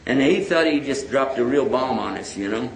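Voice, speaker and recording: A man's voice: medium pitch, animated, normal speed, slight background noise. A man giving a storytelling lecture about his faith, acting out the dialogue of the people he talks about. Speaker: Islamic lecturer. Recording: echoey hall.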